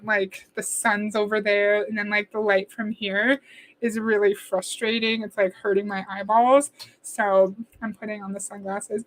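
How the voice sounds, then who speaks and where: A woman hosting a livestream, reacting to a video in casual talk and chatting with viewers as she reads their comments. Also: mid-range voice. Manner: chatty, answers chat comments and thanks viewers warmly.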